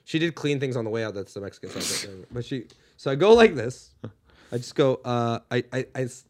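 A man's voice: mid-range voice, brisk, a crowd in the background. A man from Los Angeles, a guest comedian telling a story in casual chat, acting out the voices of the people in it. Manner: animated, acts out voices in his story.

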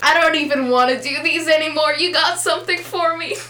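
A woman's voice: sits high, bright, forceful tone, roomy sound. A young woman co-hosting a podcast in casual chat, giggly and jokey. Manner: giggly, jokey, drawn-out delivery. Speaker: podcast co-host.

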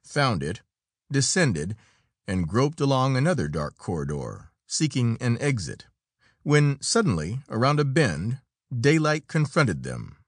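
A man's voice: mid-range voice, no room sound, studio quality. A man narrating an adventure story as an audiobook, in dramatic storytelling style. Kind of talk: scripted narration.

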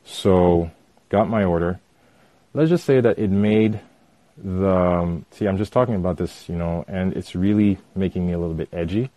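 A man casually telling a personal story with animated retelling and lots of fillers. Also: deep voice, moderate pace, no echo.

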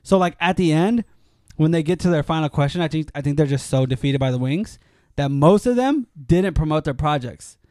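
A man co-hosting a casual podcast chat, excitable and quick to cut in. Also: a little high, dry recording, studio quality. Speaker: podcast co-host.

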